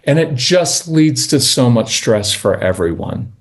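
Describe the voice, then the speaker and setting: A middle-aged man in a conversational interview as a parenting guest, telling earnest stories and slowing down to stress key points. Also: mid-range voice, lively intonation. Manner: earnest, storytelling, slows down for emphasis.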